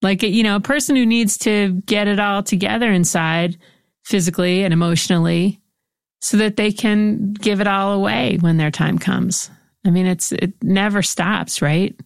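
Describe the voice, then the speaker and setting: A woman's voice: medium pitch, steady tone, moderate pace, creaky, smooth, dry recording, clean studio sound. A woman hosting an interview, reflective and empathetic as she responds to her guest. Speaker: host. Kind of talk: interview conversation.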